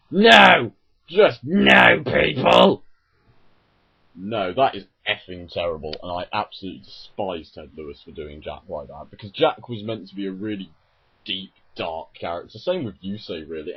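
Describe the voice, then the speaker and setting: Husky, animated man ranting. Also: lowish voice, muffled recording. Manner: animated, sarcastic and exasperated. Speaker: video ranter. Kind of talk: casual vlog rant.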